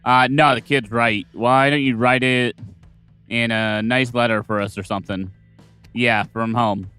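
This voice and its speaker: A man works his way through a game, voicing each character's dialogue himself. His tone is bright and forceful, and his pitch sits in a middle range. Faint guitar music plays behind him. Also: fairly even intonation, unhurried, clean tone. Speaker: gamer reading game dialogue aloud.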